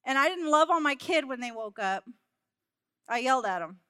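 A woman delivers a sermon built on a personal story, candid and self-mocking with laughs along the way. Her voice sits high and rings bright. The sound is close and dry. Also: animated, moderate pace, clean tone, no room sound. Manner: laughs between lines. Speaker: church speaker.

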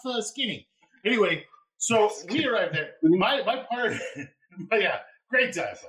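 Podcast host, male, bright lively voice, laughing storyteller, casual chat. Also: high-pitched, rough recording. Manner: animated, laughing, yells quoted lines. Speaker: former EMT.

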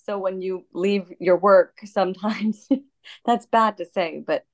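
A woman speaking as a guest over her phone in a casual talk, honest and quick to laugh lightly. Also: medium pitch, fairly even intonation. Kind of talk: casual conversation.

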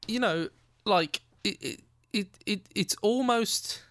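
A woman's voice: mid-range voice, slow, no room sound, studio quality. A woman co-hosting a casual talk show who chips in with wry, teasing remarks. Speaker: podcast co-host. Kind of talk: casual chat.

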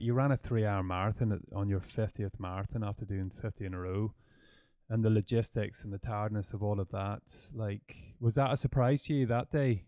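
A man hosting a running podcast, telling stories in a lively, laughing way. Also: lowish voice, no room sound. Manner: animated storyteller, laughs often. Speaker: podcast host. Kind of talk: conversational interview.

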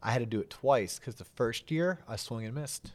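A man's voice: medium pitch, animated, normal speed. A middle-aged man hosting a podcast, chatting casually and animatedly with self-deprecating jokes. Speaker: podcast host. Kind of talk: casual interview chat.

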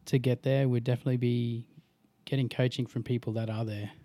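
A young Australian man talking in a loose, easygoing way, the sort of podcast guest who laughs a lot. His voice sits at an ordinary pitch. The recording is close and dry, with no room sound. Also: flat delivery, a little fast, mellow, no room sound. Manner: laid-back, laughs often, easygoing advice. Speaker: podcast guest, wingsuit pilot. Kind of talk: casual chat.

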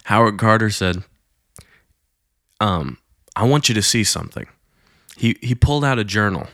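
Low-voiced man telling a faith story. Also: fairly bright tone, dry recording, clean studio sound. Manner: conversational retelling with many fillers, acting out quoted lines. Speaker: Christian storyteller. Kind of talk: casual storytelling.

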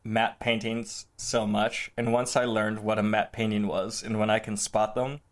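Excitable male podcast co-host. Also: fairly low pitch, moderate pace. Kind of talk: casual chat.

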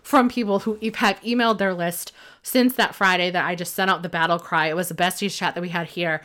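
A woman's voice: lowish voice, steady tone, fairly quick, a bit bright. A woman hosting her own podcast, talking candidly and emotionally in a rambling, earnest way about her business. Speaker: podcast host on email marketing. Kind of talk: candid solo podcast talk.

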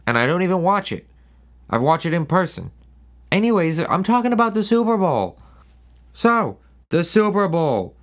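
A man's voice: high voice, sing-song, normal speed, long pauses. Sarcastic, profane young man ranting. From New England. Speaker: podcast host. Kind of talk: casual solo rant.

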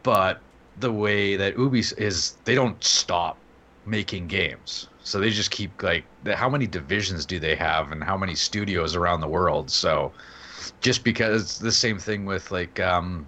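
Low, bright-voiced male co-host, rambling explainer, faint hiss behind. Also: a little slow. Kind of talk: casual gaming chat.

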